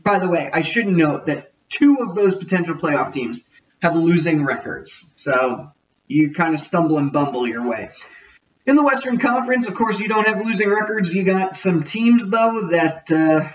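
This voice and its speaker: A man's voice: high-pitched, animated, normal speed, far from the mic, dull audio, slight background noise. A man hosting a casual sports podcast, jokey and rambling, often correcting himself. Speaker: podcast host.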